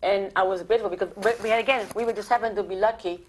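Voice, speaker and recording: A woman's voice: mid-range voice, rapid-fire, slightly rough. Older Italian-accented woman retelling stories. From Italy. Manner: animated storytelling with many restarts. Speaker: interviewee. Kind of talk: oral history interview.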